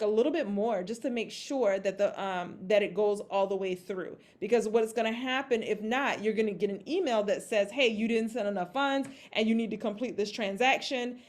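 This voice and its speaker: Chatty woman teaching a group, higher voice. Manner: chatty, repeats "okay?" and "all right?" to check in; acts out her own panicked reactions in a raised voice. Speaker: crypto investing presenter. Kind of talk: casual instructional talk to a group.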